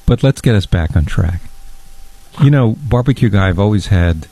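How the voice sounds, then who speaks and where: A man's voice: fairly low pitch, animated, dark tone, no room sound. A man playing a stammering, fussy fondue lover. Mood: resigned. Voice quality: gravelly, halting, stammering. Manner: earnest and long-winded, keeps restarting. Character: awkward fussy fondue-loving man, easily hurt. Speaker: guest.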